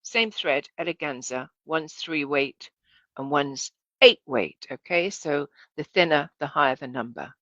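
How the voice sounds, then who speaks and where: A woman's voice: low voice, measured pace, sharp tone, dry recording, dull audio. A woman giving a casual, chatty demonstration lesson as a sewing instructor, correcting herself and asking viewers to look.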